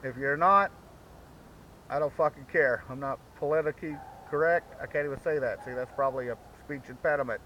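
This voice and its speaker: A man's voice: mid-range voice, a little fast, bright, forceful tone. A man hosting a vlog, rambling through a profane, self-mocking comedic monologue. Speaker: vlog host. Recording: dull lo-fi recording with faint background noise.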